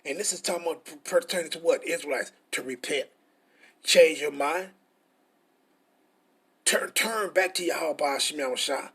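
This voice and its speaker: A man's voice: on the high side, animated, moderate pace, a bit bright, husky. A middle-aged man, teaching scripture in a frustrated, profane, repetitive way. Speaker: preacher.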